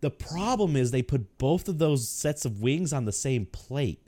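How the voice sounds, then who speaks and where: A man in casual chat who laughs often, swears and reacts loudly while telling his own story. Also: mid-range voice, lively intonation, a little slow.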